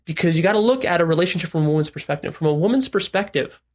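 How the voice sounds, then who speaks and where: A man's voice: fairly high pitch, expressive, very fast. A man giving frank, direct relationship and sex advice in a casual monologue, explaining step by step with "right?" asides.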